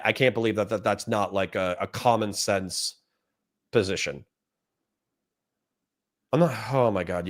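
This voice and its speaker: A man hosting a livestream, reading out chat comments and answering them bluntly, with plenty of swearing and quick flare-ups of anger. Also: on the low side, fairly bright tone. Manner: blunt, profane, quick to get heated. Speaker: livestream host.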